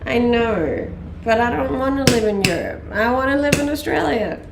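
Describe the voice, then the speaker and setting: A woman in her late twenties from Denmark chats casually on a live stream, reading the live chat with plenty of ums and laughs. Her voice is a little high and animated, at a moderate pace, with a mixed Danish and English accent. The room sounds roomy and the recording is very noisy.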